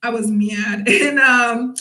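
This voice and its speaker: A young woman vlogs in a high, bright voice, telling a story casually. She acts out quotes loudly and laughs often. The sound bounces around an echoey room. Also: steady tone, takes it slowly. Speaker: vlogger.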